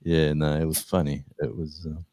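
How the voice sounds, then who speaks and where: A man's voice: a bass voice, level tone, moderate pace, mellow, no room sound. An older man hosting a live chat, telling rambling road stories with many restarts. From Australia. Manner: rambling anecdotes with restarts and laughter. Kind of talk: casual storytelling chat.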